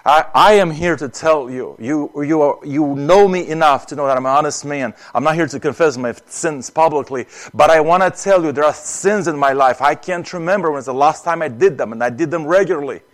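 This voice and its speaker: A man's voice: fairly high pitch, a little fast, few pauses. A man preaching an earnest sermon, often acting out prayers and repeating words as he speaks.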